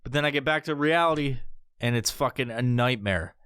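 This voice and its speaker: A young adult man hosting a podcast, ranting casually and profanely, often jumping into squeaky high voices for bits. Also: fairly quick, fairly bright tone, clean tone, dry recording, studio quality. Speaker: podcast host. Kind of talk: casual comedic podcast rant.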